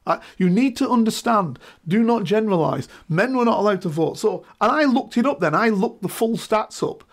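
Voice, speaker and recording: His voice sits high, and he talks at a normal speed. The middle-aged man is a guest in a casual discussion, animated and emphatic, regularly asking "right?" to check in.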